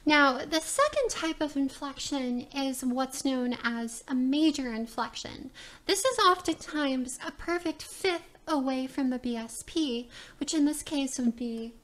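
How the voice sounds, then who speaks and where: A woman's voice: high voice, expressive, measured pace, a bit bright. A woman voice teacher giving a recorded lecture presentation, explaining step by step and checking in with "all right" and "right?".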